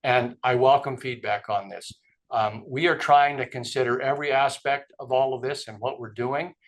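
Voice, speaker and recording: A middle-aged man gives an online address to faculty, staff and students. His pitch sits in an ordinary middle range. He speaks earnestly and stresses key points, with some fillers along the way. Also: steady tone, normal speed. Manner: earnest, emphatic, with many fillers. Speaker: medical school dean. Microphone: streamed online address.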